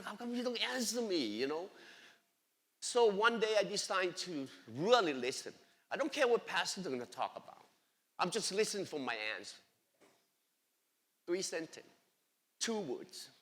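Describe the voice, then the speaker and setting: Excited high-voiced man giving a church testimony. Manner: excited and emphatic, with broken grammar. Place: church sanctuary. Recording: long echoey church hall reverb.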